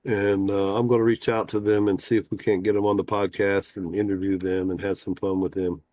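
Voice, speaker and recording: A man's voice: sits low, little pitch movement, fairly quick, a little mellow, no room sound. A man hosting a casual livestream talk show as a fishing guide, folksy and rambling, with lots of "uh" fillers.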